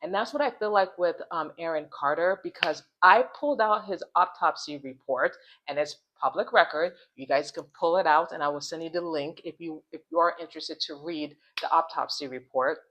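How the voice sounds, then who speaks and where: A woman hosting a casual commentary vlog, rambling along, repeating phrases and restarting sentences, and slowing down to spell out hard words. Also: sits low, a bit bright, dull audio. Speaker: channel host.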